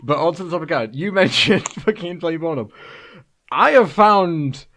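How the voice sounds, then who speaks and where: Guy, casual podcast co-host, playful, gravelly, animated delivery. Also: fairly high pitch, a little slow. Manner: joking, slips into pirate voices. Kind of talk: casual chat among friends. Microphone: computer mic, remote call.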